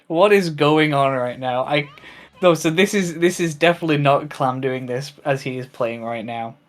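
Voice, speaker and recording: A man co-commentating a live speedrun race, reacting quickly to the action with light teasing. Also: a little high.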